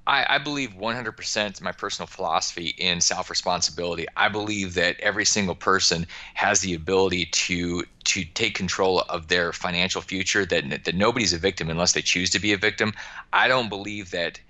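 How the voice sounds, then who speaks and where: A financial advisor from the United States, appearing as a guest on a podcast, talks about money in an emphatic, motivational way, often repeating words. His voice is low, a little fast, and bright with a forceful tone.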